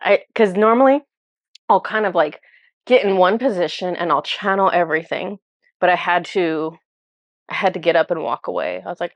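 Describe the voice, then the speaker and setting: A woman with a fairly low voice tells of a spiritual vision in an earnest, emotional way. She speaks casually and often stumbles and restarts her words. Her voice sounds close and dry, with no room echo. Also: fairly even intonation, moderate pace, muffled recording. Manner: earnest, emotional storytelling with many fillers and restarts. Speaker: spiritual channeler. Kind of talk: recounting a channeled vision.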